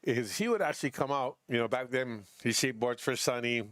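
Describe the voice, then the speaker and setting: A middle-aged man, telling stories and calling surf heats in casual live commentary, animated and quick to act out his friends' voices. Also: dry recording, clean studio sound. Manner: animated storyteller, jumps pitch to act out friends.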